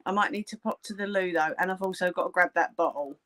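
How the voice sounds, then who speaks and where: A woman's voice: on the low side, fast talker, a bit bright. A woman hosting a live crafting stream, chatting casually and joking with viewers as she sews, a little tired. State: tired, yawning. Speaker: crafting livestream host. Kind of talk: casual chat while sewing live.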